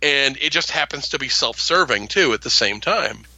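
A man's voice: mid-range voice, lively intonation, moderate pace, vocal fry, pushed and bright, slightly rough, dry recording, highs cut off. A man co-hosting a podcast, chatting about a TV episode with enthusiasm. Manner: enthusiastic, gushing. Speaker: podcast co-host. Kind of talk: casual TV rewatch discussion.

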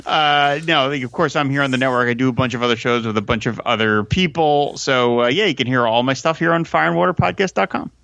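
A man's voice: mid-range voice, fairly quick, creaky, few pauses, no echo. A man guesting on a podcast in casual chat, restarting phrases and acting out lines he quotes. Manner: thoughtful, stammering restarts, lively quoting.

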